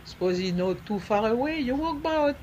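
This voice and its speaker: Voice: medium pitch, lively intonation, brisk, darkish tone, lo-fi sound, slight background noise. Ni-Vanuatu nurse giving advice. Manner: mixes in French words. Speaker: nurse, health guest. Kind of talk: casual health advice talk.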